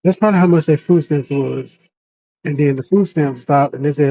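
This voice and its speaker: Man on a phone call, a little high and mellow, dry sound, short teasing quips. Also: normal speed, no room sound. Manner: short teasing interjections, slangy. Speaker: host, listening friend on a phone call. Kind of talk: casual gossip on a phone call.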